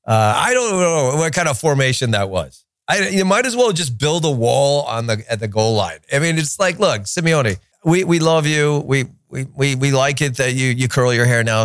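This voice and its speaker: A man's voice: mid-range voice, a bit bright, smooth, no echo, studio quality. A man hosting a soccer podcast in a chatty, opinionated way, with joking rants. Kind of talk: casual solo commentary.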